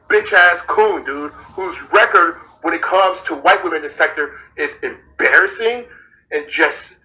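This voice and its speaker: A man's voice: high voice, bright, forceful tone, low-quality recording. A man in a played clip ranting heatedly, blunt, profane and mocking. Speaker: online commentator in a played clip. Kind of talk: heated rant.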